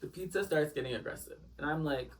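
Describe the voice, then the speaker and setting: A man's voice: fairly high pitch, quick pace, distant mic. Rambling man telling a story, a bit off-mic. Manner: rambling, lots of "like" fillers, dramatic asides to viewers. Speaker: storytime vlogger. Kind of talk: casual storytime chat.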